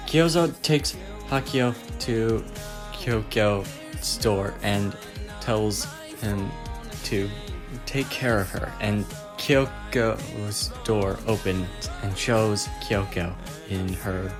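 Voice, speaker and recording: A man casually retelling a story, in a plain, halting way. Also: lowish voice, over music.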